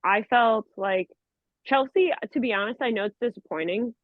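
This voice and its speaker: A woman's voice: a little high, no room sound. Woman analyst on tinny call audio. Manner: knowledgeable, measured, enthusiastic. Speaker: podcast co-host. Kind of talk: casual sports analysis.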